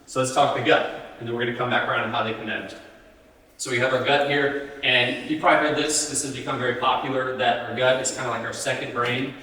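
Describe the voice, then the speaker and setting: A man's voice: mid-range voice, steady tone, fast, sharp tone. A man giving a live health talk, speaking conversationally and often putting questions to the audience. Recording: roomy hall, distant mic.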